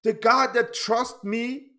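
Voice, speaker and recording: A man, his voice sitting high for a man. He rants at an unhurried pace, swearing freely and stumbling over repeated words as he restarts his sentences. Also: steady tone, pushed and bright. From Denmark. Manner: swears often. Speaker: pinball YouTuber. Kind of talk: casual vlog rant.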